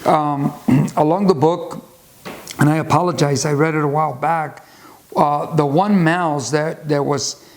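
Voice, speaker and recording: This channel host speaks with a voice on the high side, keeping a steady tone and measured pace. He's recommending a book in unscripted, meandering fashion, frequently starting over and telling side stories.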